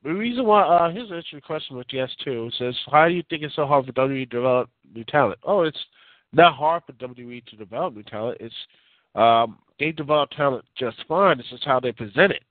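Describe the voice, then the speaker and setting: Fast and expressive, this mid-range male voice belongs to a podcast host running a relaxed call-in show. He piles up fillers and restarts while rambling through his strong opinions, all over tinny phone audio with no echo.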